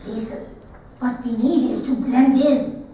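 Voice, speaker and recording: An anxious, cautious father who speaks slow and low, scolding gently, as a woman puts him on in a one-woman stage show. The voice sounds distant and echoey in a large theater. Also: steady tone, slight background noise, natural voice. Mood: stern. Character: cautious, anxious middle-aged immigrant father.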